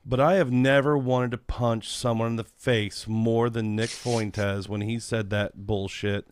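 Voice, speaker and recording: A man's voice: medium pitch, fairly even intonation, a little slow, slight background noise. A man co-hosting a podcast, talking casually and hesitantly, searching for words before pressing a point. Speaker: podcast co-host.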